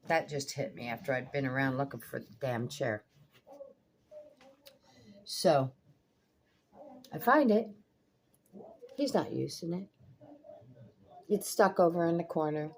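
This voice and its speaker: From her home kitchen beside the pool windows, an older woman chats casually on her vlog, ranting in exasperation, blunt and swearing freely. Her voice is bass, with a little hiss or hum on the recording.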